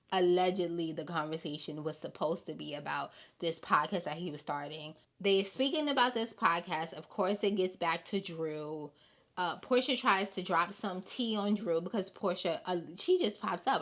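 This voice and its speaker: A young woman hosting a podcast, giving blunt, animated gossip commentary and repeating her points for emphasis. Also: lowish voice. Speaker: podcast host.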